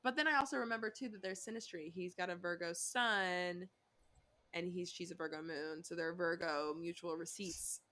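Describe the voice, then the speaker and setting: A woman in her thirties co-hosting a podcast, chatting casually, animated and swearing as she acts out quotes. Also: lowish voice, normal speed. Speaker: podcast co-host. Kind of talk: casual recap chat.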